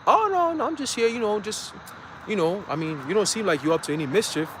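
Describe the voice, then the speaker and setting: A man's voice: sits high, animated, fast talker, background noise. A man mimicking a fake-polite trooper. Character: overly polite male state trooper checking in.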